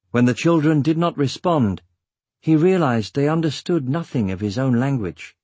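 Husky man narrating a story. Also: mid-range voice, no echo. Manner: measured, steady storytelling. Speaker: audiobook narrator. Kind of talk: scripted narration.

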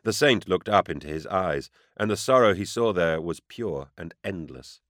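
Man, very deep voice, audiobook narration, measured and grave, dry close-miked sound. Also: lively intonation, a bit bright, no room sound.

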